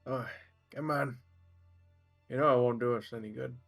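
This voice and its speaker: A man player talks through his character's moves in a mid-pitched, casual voice over a voice call. Faint music plays behind him. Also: steady tone, moderate pace, vocal fry. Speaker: tabletop game player. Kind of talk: casual game chat.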